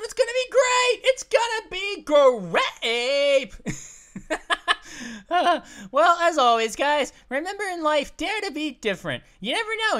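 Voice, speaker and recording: A woman voicing a bubbly young female grape who hosts animated let's-play commentary, giggling, making puns and yelping at danger, over faint music. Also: sits high. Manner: giggly, punny, yelps at danger. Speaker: host of gaming videos.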